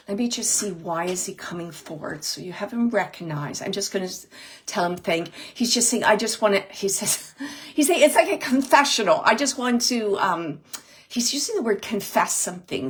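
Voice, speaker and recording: Her voice sits on the low side as this psychic medium gives a live reading to someone in the audience. She speaks haltingly, searching for words and repeating phrases while passing along messages.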